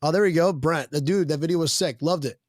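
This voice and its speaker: A man's voice: fairly high pitch, fast, a little mellow, no echo, clean studio sound. A man hosting a casual sports podcast, joking and rambling as he reads viewer comments aloud. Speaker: podcast host. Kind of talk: casual chat.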